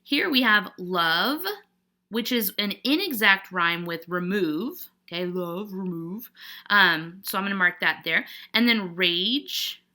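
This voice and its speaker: A woman's voice: mid-range voice, slow pace, sharp tone. A woman teacher walking a class through a poetry worksheet, patiently checking understanding with frequent "okay?"s. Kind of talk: classroom lesson walkthrough.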